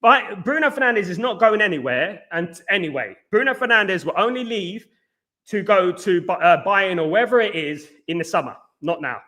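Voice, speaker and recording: Host type: man, out of breath, high bright voice, chatty, keeps saying "absolutely.". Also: expressive, moderate pace. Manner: chatty, repeats "absolutely" and "big up". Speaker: host of a football live stream. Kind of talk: casual live-stream chat reading viewer comments.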